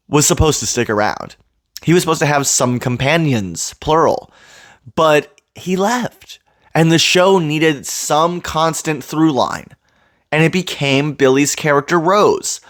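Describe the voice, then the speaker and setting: A man's voice: on the high side, a bit bright, dry recording, studio quality. Earnest man reviewing a TV episode. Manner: earnest, voice cracking with emotion. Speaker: reaction video host. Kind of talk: emotional fan commentary.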